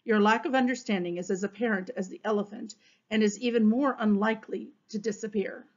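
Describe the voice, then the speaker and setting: A woman's voice: mid-range voice, steady tone, brisk, close to an everyday voice. A woman reading as a sarcastic, exasperated police captain. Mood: exasperated sarcasm. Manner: sarcastic, clipped. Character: exasperated male police captain, short-tempered. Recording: dull, muffled recording.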